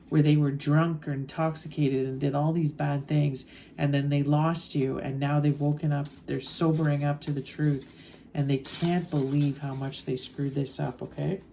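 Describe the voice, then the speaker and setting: A woman doing a channeled tarot reading in a low, warm voice. She talks slowly and thoughtfully, pausing on soft fillers. A faint hiss sits under the recording. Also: steady tone, creaky. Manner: slow, musing, with soft fillers. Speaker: tarot reader.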